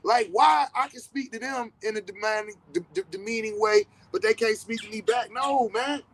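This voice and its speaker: A man's voice: very high voice, normal speed, creaky, rough recording. A middle-aged man hosting a podcast, talking casually in a blunt, profane way and hammering points with repetition. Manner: animated storytelling with quoted dialogue. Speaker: podcast host. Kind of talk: casual monologue.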